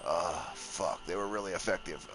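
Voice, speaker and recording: A man's voice: low-pitched, unhurried, background noise. A man giving casual gaming commentary, joking, swearing and mocking himself as he plays. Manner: profane, joking and self-mocking. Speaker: let's play gamer.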